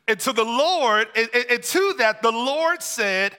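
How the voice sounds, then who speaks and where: A man's voice: extremely high pitch, animated, moderate pace, few pauses, pushed and bright, in a large hall. A man preaching a sermon as pastor, telling a personal story and repeating phrases for emphasis.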